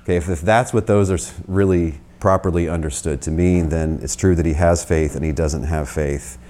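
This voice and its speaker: An American man giving a conversational theology lecture, reasoning through arguments with quick asides. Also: sits low, fairly even intonation, warm tone, slight background noise. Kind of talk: spoken lecture.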